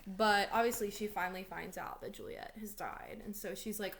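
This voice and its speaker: A woman's voice: medium pitch, expressive, a little fast, few pauses, fairly bright tone, a little hiss or hum. Young female teacher, casual and chatty, lots of "like" and "um", reading a play with students. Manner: chatty, lots of likes and ums, dramatic when reading lines aloud. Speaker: English teacher. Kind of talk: casual read-aloud lesson.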